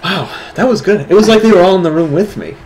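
Man, co-host, lively swooping pitch, teasing, casual chat, faint noise behind. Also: fast, poor audio. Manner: joking, teasing, animated. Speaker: awards co-host.

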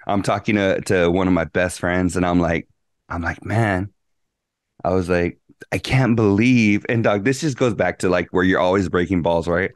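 Podcast co-host, man, low voice, profane rambling storyteller, dry sound. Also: normal speed, no room sound. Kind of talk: casual chat.

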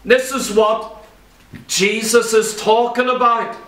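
Preaching slowly and steadily in a church hall, a man with a very high, slightly bright voice recounts a Bible story, driving home key phrases through emphatic repetition. The distant mic captures a roomy church sound.

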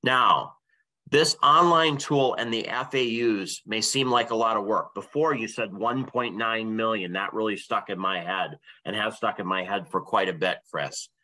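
A man with a low but bright, forward voice co-hosts an informational briefing. He puts questions to his colleague and lays out dates and next steps in a clear, orderly way. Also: normal speed, rough recording. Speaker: co-host and interviewer.

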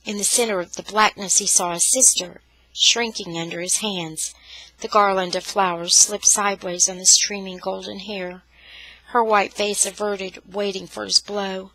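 A woman storyteller reads a novel chapter aloud with dramatic expression. Her voice is bright and crisp. The recording is dry and close, with no room sound. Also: medium pitch, fairly even intonation, moderate pace, dry recording, low-quality recording. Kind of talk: scripted narration.

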